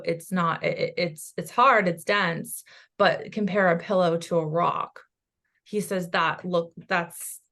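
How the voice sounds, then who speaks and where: A woman psychic medium in casual chat, talking in an animated, rambling way with quick asides. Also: lowish voice.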